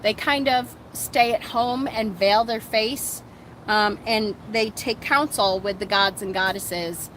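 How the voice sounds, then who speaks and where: Outdoors on sand, a woman hosts a casual book discussion, reading passages aloud and commenting in a chatty, animated way full of fillers. Her voice is medium-pitched and slow. The audio is poor, with a little hiss or hum.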